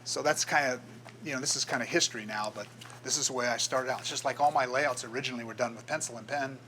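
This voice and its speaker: Bright-voiced older man telling stories. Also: mid-range voice, quick pace, slight background noise, rough recording. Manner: storytelling, acts out quoted voices. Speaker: guest speaker, graphic designer. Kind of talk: casual presentation to a club. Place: meeting room.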